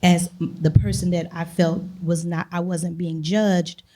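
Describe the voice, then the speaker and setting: Older woman sharing haltingly, low voice. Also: little pitch movement, dark tone. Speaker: audience member. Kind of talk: personal sharing.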